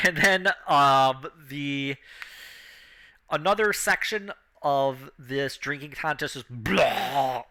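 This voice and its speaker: Male game master, unhurried and casual, sharp bright tone, lots of "um" and "like". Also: medium pitch. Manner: laid-back, filler-heavy, chuckling. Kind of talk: narrating a tabletop game.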